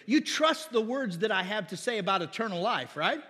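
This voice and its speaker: A man's voice: sits high, animated, fairly quick, few pauses, sharp tone, breathy edge, big-room sound. A man preaching as pastor, often calling for an amen from the congregation. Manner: call-and-response asking amen. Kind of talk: sermon.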